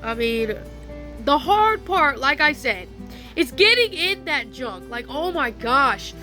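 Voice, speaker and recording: A woman's voice: sits high, big pitch swings, takes it slowly, bright, forceful tone, soft background music. Chatty young woman vlogger, slangy. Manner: chatty, slangy, laughs often. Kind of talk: casual storytime vlog. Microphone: phone.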